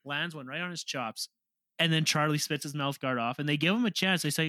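A man's voice: fairly high pitch, moderate pace, no room sound. A man co-hosting a podcast, telling stories in casual chat and laughing as he goes. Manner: laughing, animated storytelling with crude jokes. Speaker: podcast co-host.

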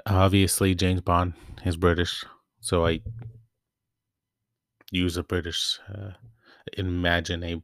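Deep-voiced rambling podcast host, man. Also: level tone, slow pace, long pauses, fairly bright tone, dry recording, clean studio sound. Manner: rambling, self-interrupting, chatty. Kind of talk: casual solo podcast chat.

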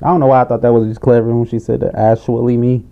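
A man's voice: mid-range voice, level tone, fast talker, creaky. A man co-hosting a casual podcast, joking around with casual slang and swearing. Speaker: podcast co-host. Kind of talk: casual chat. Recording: dull lo-fi recording.

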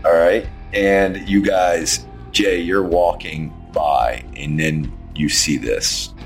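A man's voice: low-pitched, fairly even intonation, slow, creaky, soft background music. A man running a tabletop game as game master, narrating the action in an easygoing way. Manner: easygoing, descriptive, laughs often.

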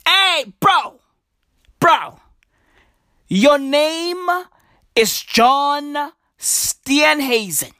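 Animated South African woman doing stand-up. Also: on the high side, no echo, studio quality. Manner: profane, animated, slangy. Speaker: stand-up comedian. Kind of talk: stand-up comedy.

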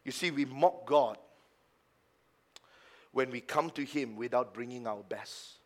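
A man preaching a sermon as pastor at a church service, swinging from hushed low asides to loud, emphatic passages and mocking the excuses of doubters. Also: measured pace. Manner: acts out the lines of doubters in a mocking tone.

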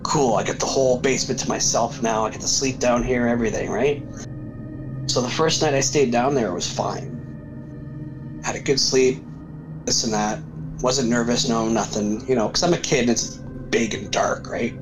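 A man of middle pitch telling a story in a relaxed, chatty way, often checking in with "right?". Music plays clearly behind his voice. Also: moderate pace, poor audio. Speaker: podcast guest. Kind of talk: casual storytelling.

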